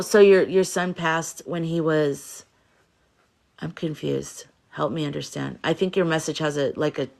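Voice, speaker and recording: A tired woman from the United States hosting a casual livestream, chatting softly and reassuringly as she reads viewer comments. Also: low voice. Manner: soft, rambling, reassuring, reads chat messages aloud. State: tired from little sleep. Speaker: livestream host, spiritual reader.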